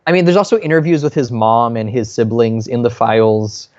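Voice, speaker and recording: Telling a family story in casual chat, a podcast co-host in a New York apartment acts out the people involved, raising his pitch for their quoted lines. He speaks a little fast with a darkish tone, on a dry recording with the highs cut off.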